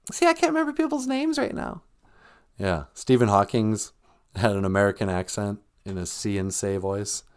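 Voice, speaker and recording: A man hosting a live stream podcast, rambling and joking in a laid-back way. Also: on the low side. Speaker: podcast host. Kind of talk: casual live stream chat.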